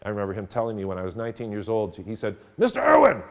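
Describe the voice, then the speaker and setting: Speaking rapid-fire in a voice on the low side, a middle-aged man who trains teachers lectures at a workshop for teachers, with an audience in the room. He is animated as he tells stories, laughing along the way.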